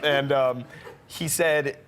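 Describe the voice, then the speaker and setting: A man telling a personal story as a talk show guest, excited and laughing often, tripping over his words. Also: mid-range voice, slow, a little hiss or hum. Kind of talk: casual anecdote.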